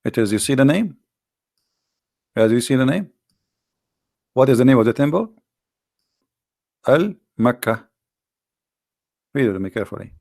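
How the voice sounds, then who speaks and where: A man speaks in slightly broken, pushing a combative religious argument. His delivery is mocking and full of rhetorical questions. His mid-pitched voice has a rough, gravelly edge. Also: expressive, a little slow, long pauses, darkish tone. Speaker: Christian apologetics presenter.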